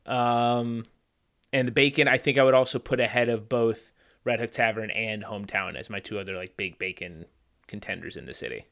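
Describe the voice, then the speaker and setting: A man's voice: fairly low pitch, normal speed, vocal fry, fairly bright tone. A man co-hosting a podcast, telling a food story with dry, joking asides. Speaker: podcast co-host. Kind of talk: casual chat.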